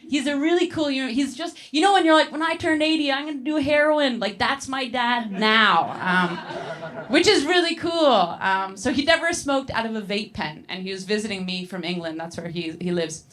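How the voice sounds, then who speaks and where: A woman doing stand-up storytelling in a rambling, animated way, piling up fillers and laughing as she goes. Her voice sits a little high and swoops widely in pitch. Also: normal speed. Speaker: stand-up comedian.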